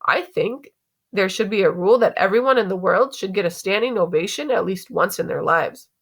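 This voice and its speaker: A woman teacher reading a novel aloud to students in an expressive, conversational way. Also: mid-range voice, a little fast, breathy edge.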